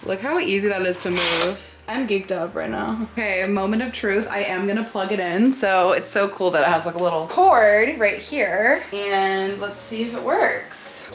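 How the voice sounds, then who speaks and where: A young woman in her twenties, vlogging casually from her home studio, bubbly and gushing with excitement. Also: medium pitch, normal speed, noisy background. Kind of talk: casual vlog chat. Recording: roomy echo, faint clicks.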